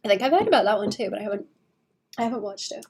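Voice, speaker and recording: A young woman streamer chatting casually and rambling while she draws, sleepy and quick to laugh. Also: medium pitch, lively intonation, darkish tone, a little hiss or hum. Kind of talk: casual chat while drawing.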